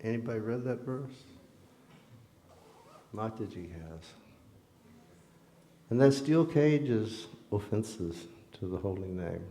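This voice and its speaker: A man's voice: fairly low pitch, animated, takes it slowly, long pauses, dark tone. A man giving a temple sermon, telling a personal story and acting out the voices of the people in it. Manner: storytelling, acting out quoted dialogue. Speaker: temple lecturer. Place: temple hall. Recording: echoey hall.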